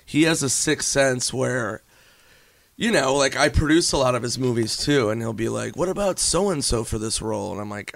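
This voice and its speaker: A man with a gravelly, creaky voice, chatting loosely as a guest and laughing often between his words. He swears freely and fills his sentences with "like". The sound is dry and close. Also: medium pitch, normal speed, no echo. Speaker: comedian and actor guest. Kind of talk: casual interview chat.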